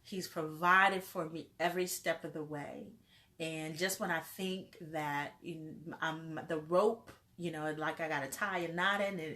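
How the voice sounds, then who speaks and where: A woman's voice: on the low side, a bit bright. A woman life coach giving an earnest, faith-filled motivational talk to camera, repeating phrases in rolling lists. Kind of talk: motivational vlog.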